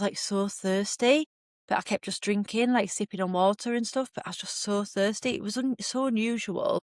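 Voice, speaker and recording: A female podcast host delivers a candid storytelling monologue, frankly recounting something personal in a chatty way and acting out her own reactions. Her voice is medium-pitched, and the studio-quality recording has no echo.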